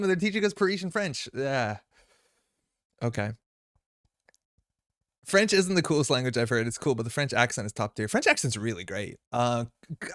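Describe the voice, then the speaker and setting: Chatty guy, fairly high voice. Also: fairly bright tone, no room sound, clean studio sound. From Canada. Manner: chatty, goes off on tangents, lots of "like" and "right?". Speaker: live stream host. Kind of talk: casual rambling chat on a live stream.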